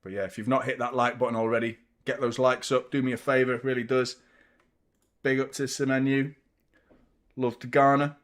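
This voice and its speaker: Briskly and with flat delivery, a young adult fan channel host chats through a live football watchalong, responding to the play and thanking viewers individually by name. His voice is mid-range.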